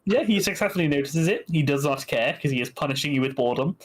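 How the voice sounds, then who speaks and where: A man's voice: fairly high pitch, lively intonation, fast, rough recording. A man narrating as game master of a tabletop game, laughing often as he describes what happens.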